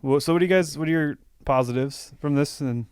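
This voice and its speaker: A man co-hosting a podcast in casual chat, earnest and halting, steering the discussion. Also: fairly high pitch, darkish tone, clean tone, no echo, clean studio sound. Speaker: podcast co-host steering the talk.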